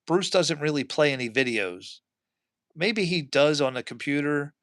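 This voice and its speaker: A man's voice: on the high side, lively intonation, moderate pace, fairly bright tone, dry recording, clean studio sound. A man hosting a casual live stream, chatting and reading viewer comments aloud in a rambling way. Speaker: livestream host.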